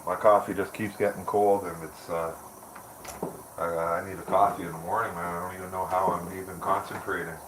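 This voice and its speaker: A man's voice: low-pitched, flat delivery, fairly quick, noisy background. A man chatting casually on a morning live stream, rambling and laughing often. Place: home by a window.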